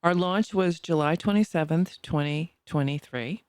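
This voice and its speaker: A bubbly woman in her sixties with a Boston accent co-hosts a podcast in easy casual chat, laughing often. Her voice sits a little low for a woman, recorded close and dry. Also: moderate pace, darkish tone, dry recording. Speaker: podcast co-host.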